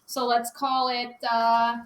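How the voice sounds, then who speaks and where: Bright, high-voiced teacher in an echoey classroom. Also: female voice, completely flat delivery, slow. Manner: upbeat, laughs easily with students. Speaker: math teacher. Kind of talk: classroom geometry lesson. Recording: echoey classroom, faint noise.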